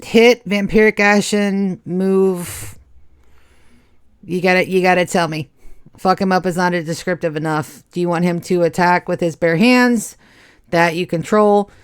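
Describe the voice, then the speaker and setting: A woman running a tabletop horror game as game master, narrating gore in a slow, drawn-out way. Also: fairly low pitch, steady tone, smooth.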